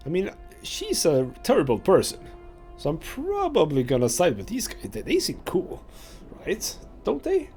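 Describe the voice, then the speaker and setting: A man's voice: on the high side, gravelly, darkish tone. A man hosting a let's play, chatting casually and reading game dialogue aloud. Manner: chatty, rambling with fillers.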